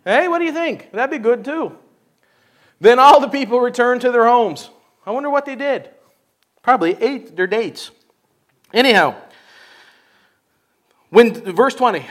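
Sex: man. Role: pastor. Style: sermon. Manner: folksy, joking, laughing. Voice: very high. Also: lively intonation, unhurried, pauses often.

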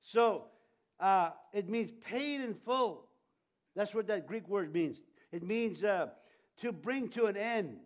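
A middle-aged male pastor giving a conversational Easter sermon, animated with jokey asides and audience questions. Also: high-pitched, takes it slowly.

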